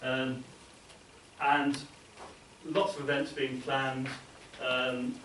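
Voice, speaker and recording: Man, seminar presenter, halting speech, mid-pitched, roomy echo, faint hiss. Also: completely flat delivery, fairly bright tone. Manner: halting, many repeated words mid-sentence. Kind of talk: informal talk to an academic audience. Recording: echoey room, distant mic, faint hiss.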